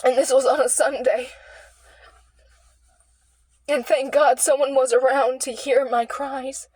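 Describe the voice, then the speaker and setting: A young woman telling a candid personal story, earnest and heartfelt, with halting restarts and sighs. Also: high-pitched, fairly even intonation, a little mellow, husky, no room sound, poor audio. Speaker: vlogger sharing a personal story.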